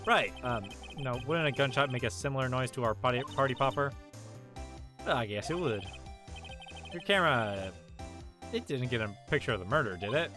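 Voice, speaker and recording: A man's voice: medium pitch, expressive, moderate pace, long pauses, over music, close to an everyday voice. A man voicing an earnest young male defense lawyer, dry and patient, reading game dialogue aloud. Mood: probing.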